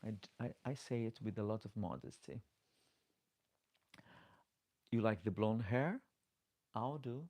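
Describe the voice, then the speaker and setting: A man's voice: fairly low pitch, expressive, normal speed, a little mellow, dry recording. A middle-aged man hosting a live Q&A as a drag performer, chatting loosely in slightly broken English with lots of restarts. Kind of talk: casual live-stream chat, reading viewer comments. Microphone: desk microphone.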